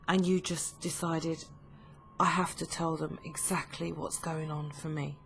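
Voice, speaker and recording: A woman giving a tarot reading, told as a slow, emotive second-person story with frequent pauses. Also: deep voice, flat delivery, gravelly, a little hiss or hum. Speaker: tarot reader.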